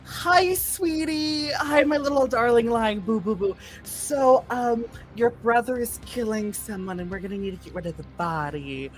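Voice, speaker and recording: A woman's voice: fairly high pitch, moderate pace, few pauses, soft background music, pitched above the performer's own voice, close to an everyday voice. A woman voicing a sweet-talking female vampire therapist with a cooing, syrupy manner.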